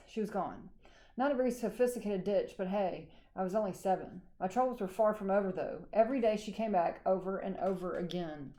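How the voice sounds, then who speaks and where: A woman teacher reading a chapter book aloud to her class, unhurried and friendly. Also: mid-range voice, darkish tone.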